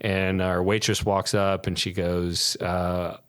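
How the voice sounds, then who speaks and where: Brief: deep-voiced male podcast guest, rambling anecdotes, dry close mic. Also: level tone, unhurried, fairly bright tone, clean tone, dry recording. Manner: rambling anecdotes with many fillers and restarts. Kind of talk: casual storytelling.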